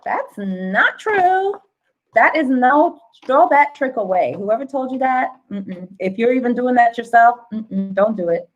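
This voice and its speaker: A woman's voice: fairly high pitch, normal speed, hardly any pauses, dull audio, soft background music. A woman vocal coach with a Southern US accent, chatting casually on a livestream, laughing often and breaking into song now and then.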